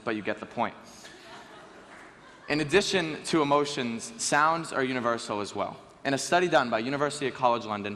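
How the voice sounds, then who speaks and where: A teenage boy giving a lively, joking talk on stage to a school audience. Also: medium pitch, slight background noise. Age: teens. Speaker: student speaker. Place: school auditorium. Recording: reverberant hall with faint ambience.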